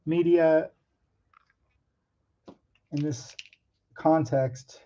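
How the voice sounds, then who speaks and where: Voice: mid-range voice, steady tone, very slow, dark tone, muffled recording. An artist talking casually to camera about drawing, hesitant and nervous, with many ums and restarts and some self-mocking asides.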